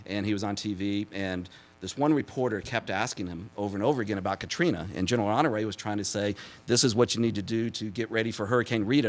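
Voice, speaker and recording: A man in his forties speaking at a symposium, telling stories with many fillers and laughing at his own jokes. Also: on the low side. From Texas. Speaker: symposium speaker, former press secretary. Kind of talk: public talk with anecdotes.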